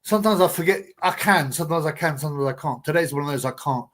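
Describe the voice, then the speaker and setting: A man's voice: a little high, fast talker, a bit bright. A man hosting a casual live boxing chat, rambling and blunt with slang. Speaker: livestream host.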